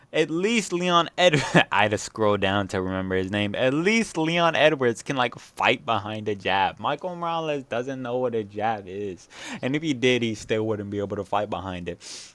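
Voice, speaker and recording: A man's voice: medium pitch, no echo. Young man, casual fight-prediction rant, profane and blunt, dry close sound. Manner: blunt, profane, animated rants with repeated phrases. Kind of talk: casual solo commentary.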